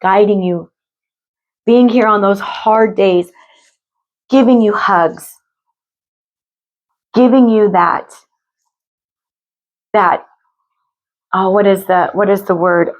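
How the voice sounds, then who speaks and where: A woman speaks slowly and gently in a mid-pitched voice, giving a spiritual reading to her viewers. Her delivery is soft and heartfelt, with frequent pauses as she addresses them directly. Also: low-quality recording. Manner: slow, gentle, emotional, addresses viewers as you guys. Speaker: spiritual reader. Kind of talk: intuitive card reading for viewers.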